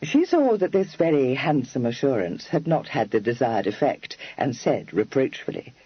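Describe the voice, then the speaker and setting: A man narrating a novel in a measured, expressive reading. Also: medium pitch, slightly rough, dry recording, lo-fi sound. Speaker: audiobook narrator. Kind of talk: scripted narration.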